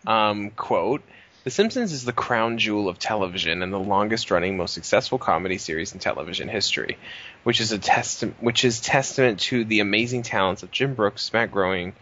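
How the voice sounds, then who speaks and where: A man with a fairly low voice reads entertainment news on a podcast. He is laid-back, with casual swearing. The audio is a little dull and lo-fi. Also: animated, fairly quick, a bit bright. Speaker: podcast co-host.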